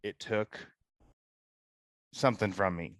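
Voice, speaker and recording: A man's voice: on the low side, slow pace, no room sound. A man playing a flustered, bluffing hunter. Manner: evasive, rambling excuses. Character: flustered male monster-hunter bluffing a policeman.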